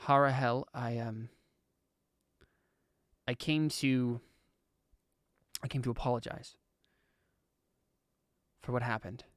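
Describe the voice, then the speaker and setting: A man's voice: medium pitch, steady tone, slow pace, pauses often, dry recording, studio quality, natural voice. A man voicing a sheepish, evasive female agent in a tabletop game, speaking hesitantly in his own voice. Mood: apologetic.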